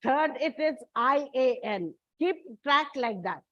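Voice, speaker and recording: Slow high-voiced woman teacher spelling words. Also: expressive. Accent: Indian English. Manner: slow, deliberate, repeats and spells out words letter by letter. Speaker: English teacher. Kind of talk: slow spelled-out classroom lesson. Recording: dull, muffled lo-fi recording.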